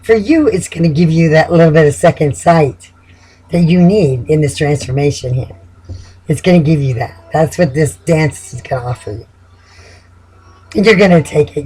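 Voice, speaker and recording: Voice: medium pitch, moderate pace, mellow, slightly rough, poor audio. A tarot reader in a casual, chatty reading who laughs often and repeats words while thinking.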